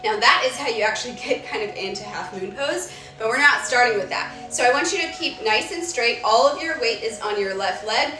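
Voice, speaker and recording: A woman's voice: a little high, a little fast, hardly any pauses. Breathless woman coaching yoga, far-off echo. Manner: calm coaching cues, counts down. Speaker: yoga instructor. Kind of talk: live-streamed workout instruction. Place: home room. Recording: echoey room, far from mic, music behind.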